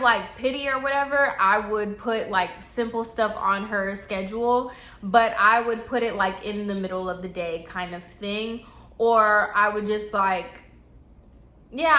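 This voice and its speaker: A woman tells a casual storytime, chatty and animated, with a voice that rings bright and sharp. The room throws back a noticeable echo. She speaks at a middle pitch. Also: unhurried. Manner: chatty and animated, full of "like", acting out quotes. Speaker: storytime vlogger. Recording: echoey room.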